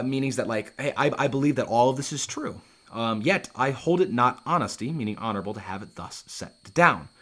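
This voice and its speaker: A man teaching a Shakespeare play, reading lines aloud and paraphrasing them in casual, lively asides. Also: medium pitch, slightly rough. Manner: lively, casual asides, often restarts and says um.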